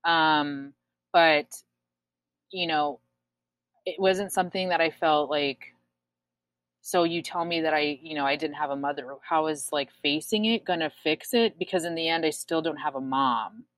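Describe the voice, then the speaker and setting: A woman's voice: low voice, a little slow, a bit bright, no echo. A woman in her twenties, telling her own story frankly in a casual chat, swearing often and using many fillers. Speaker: guest sharing her story.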